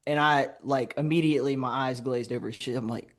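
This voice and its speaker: A man's voice: medium pitch, a little fast. A man from Alabama, a podcast guest, telling a story casually and laughing as he talks. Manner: lively anecdote telling, laughs while talking. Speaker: podcast guest, game designer.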